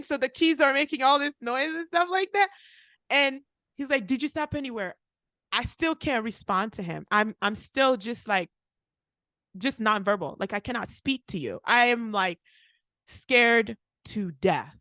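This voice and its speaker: A young woman with a high-pitched voice, a pharmacist and podcast co-host, tells a casual story on a dry recording. She sounds animated, acting out what people said and using "like" a lot.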